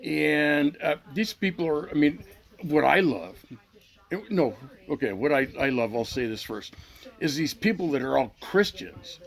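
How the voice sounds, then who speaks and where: A man's voice: fairly high pitch, expressive, measured pace, creaky. A middle-aged man hosting his own channel, in a heated, profane, unscripted rant to the camera that repeats itself as he goes. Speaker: channel host.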